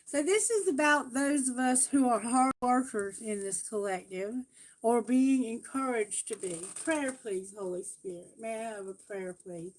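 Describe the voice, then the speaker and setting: A woman's voice: a little high, unhurried, rough recording. A woman giving a live tarot reading, chatting casually and correcting herself as she goes. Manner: chatty, self-correcting, reads lyrics and prayers aloud. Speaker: tarot reader. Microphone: phone.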